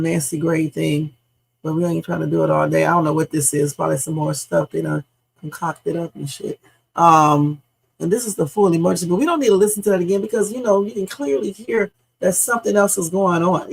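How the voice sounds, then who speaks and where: A woman's voice: mid-range voice, breathy edge, low-quality recording. A woman streaming reaction commentary in a casual, blunt, opinionated way, often tossing in "okay?" and the odd swear word.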